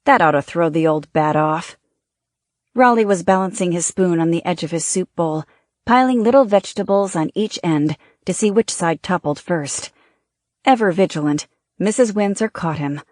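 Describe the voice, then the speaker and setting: An audiobook narrator reading a novel in a steady, measured way. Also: mid-range voice, dry recording, clean studio sound.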